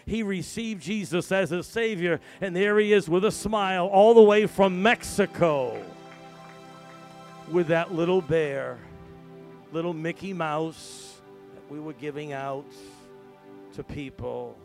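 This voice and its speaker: A middle-aged male pastor preaching, his fairly high voice telling a story in hushed tones before rising to loud, emphatic calls. Soft music plays faintly behind him. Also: slow. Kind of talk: sermon.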